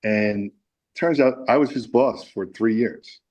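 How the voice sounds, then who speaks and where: A man's voice: lowish voice, takes it slowly, darkish tone, low-quality recording. A man being interviewed about his music, telling a long, rambling anecdote with many restarts. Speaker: musician guest. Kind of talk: casual interview storytelling.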